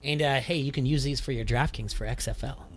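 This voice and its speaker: A man's voice: medium pitch, fairly quick, faint music behind. A man co-hosting a local sports talk radio show, teasing his partner in casual banter. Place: radio studio.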